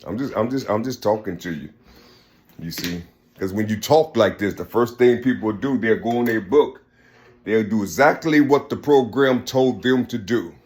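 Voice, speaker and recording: In a lowish, darkish voice at a moderate pace, a man rambles through a spiritual monologue, repeating himself often and saying "you see" constantly.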